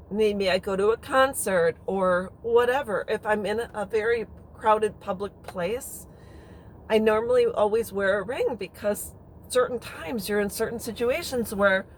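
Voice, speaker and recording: A chatty woman tells a story in a frank, rambling way, sometimes swearing. Her voice sits in a middle pitch, and a faint noise hums behind her. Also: low-quality recording. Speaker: vlogger. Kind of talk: casual storytelling.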